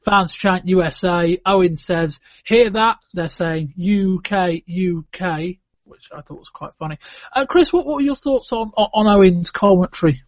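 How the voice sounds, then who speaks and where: A man's voice: sits high, normal speed, no echo, lo-fi sound. A man from the UK hosting a podcast, giving a wry, matter-of-fact play-by-play recap of a wrestling match. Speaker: podcast host.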